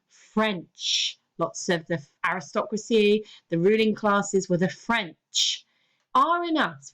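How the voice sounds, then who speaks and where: Woman teacher guiding a lesson. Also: mid-range voice. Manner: encouraging, explains step by step. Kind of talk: recorded classroom lesson.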